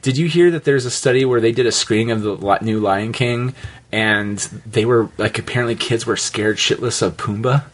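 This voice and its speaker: A young adult man hosting a casual podcast chat, talking in an animated way, laughing often and slipping into quick impressions. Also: mid-range voice. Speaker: podcast host.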